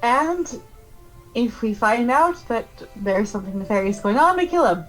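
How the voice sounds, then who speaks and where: A woman speaking as her character at a tabletop game, blunt and matter-of-fact. Her voice sits a little high, with faint music underneath. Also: expressive, moderate pace, fairly bright tone, low-quality recording. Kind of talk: in-character role-play.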